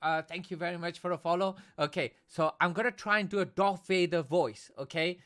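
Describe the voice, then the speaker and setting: A man's voice: high-pitched, a little fast, a bit bright. A man from Britain hosting a casual live stream, chatty and tagging "okay?" onto nearly every phrase. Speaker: livestream host and esports commentator.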